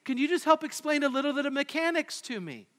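A man briefly voicing a young woman who is calm, curious and agreeable, in a light, chatty way. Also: very high-pitched, fast, pitched above the performer's own voice. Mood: casual, curious. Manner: light, chatty, casual paraphrase. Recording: echoey hall.

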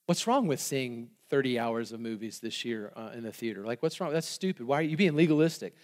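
A man voicing a dismissive critic who scoffs in a lower, quieter voice. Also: lively intonation, brisk, close to an everyday voice. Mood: scoffing.

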